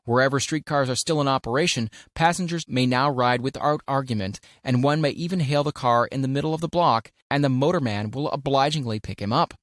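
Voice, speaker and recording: A man narrating an audiobook at a middle pitch, reading in a measured, deliberate way with firm stresses on key words. The recording is close and dry, with no room sound around the voice. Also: no echo. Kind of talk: scripted audiobook narration of a self-help classic.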